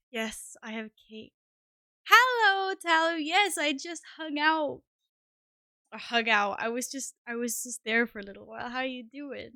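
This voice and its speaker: A woman streaming live, talking in an unhurried, scattered way, cursing and laughing at herself. Her voice sits a little high with a bright, forward tone. The sound is dry and close, with no room around it. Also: dry recording. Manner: scattered, self-deprecating, swears often. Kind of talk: casual live-stream chat.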